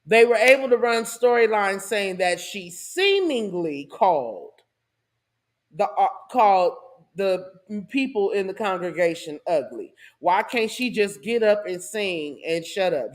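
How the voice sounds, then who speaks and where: A female host runs a lively, informal monologue on her channel, moralizing at times and tossing in asides with laughter. Her voice is a little high.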